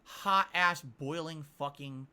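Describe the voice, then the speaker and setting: A man's voice: fairly high pitch, slow, sharp tone, smooth. A man earnestly telling a rambling personal story on a stream. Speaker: streamer in a played clip. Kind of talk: casual storytelling.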